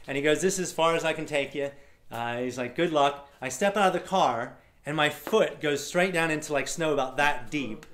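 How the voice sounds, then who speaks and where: A man's voice: fairly high pitch, brisk. A middle-aged man from Florida telling a story to a live audience, acting out the voices of the people in it. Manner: animated, acts out voices of people in his story. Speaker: speaker. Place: event room with a live audience.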